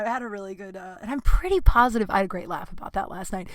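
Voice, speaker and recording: A woman's voice: mid-range voice, fast talker, fairly bright tone, no room sound. A woman in her thirties hosting a podcast, telling a personal story in a candid, chatty way, swearing freely and acting out the dialogue. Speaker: podcast host. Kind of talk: casual storytelling monologue.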